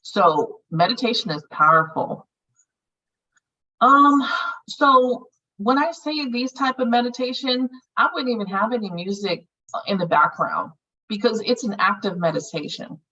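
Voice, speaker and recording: Bright-voiced, frank woman facilitator. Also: on the high side, expressive, unhurried, husky, far from the mic, muffled recording. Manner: frank and earthy, swears casually. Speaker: healing circle facilitator. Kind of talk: casual group guidance on meditation.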